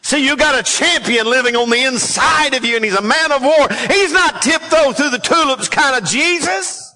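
A man's voice: very high voice, animated, moderate pace, pushed and bright. A man preaching a fiery, emphatic sermon, rallying the congregation with frequent exclamations.

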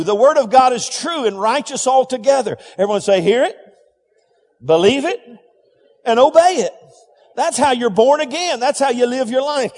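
A man's voice: high-pitched, darkish tone. A man preaching a sermon, calling the congregation to repeat phrases and crying out scripture. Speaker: pastor. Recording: long hall reverb.

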